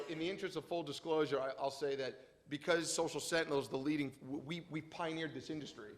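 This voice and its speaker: A man giving a conference presentation, telling stories animatedly with frequent restarts. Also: on the high side. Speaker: conference speaker. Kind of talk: presentation talk with slides.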